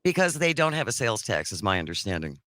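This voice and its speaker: A woman co-hosting a call-in radio talk show, lively and opinionated, quick to laugh. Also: a bass voice, dry recording.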